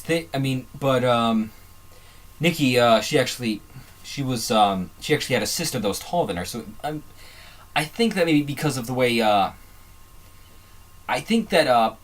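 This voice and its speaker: A man's voice: medium pitch, a bit bright, a little hiss or hum. A man hosting a casual fan commentary video, rambling and digressive, often trailing off and restarting his sentences. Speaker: video host.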